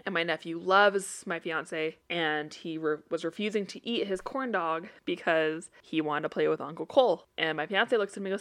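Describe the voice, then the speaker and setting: A young woman with a lowish, slightly bright voice talks a little fast with few pauses. Co-hosting a casual podcast chat, she tells funny family stories and laughs often.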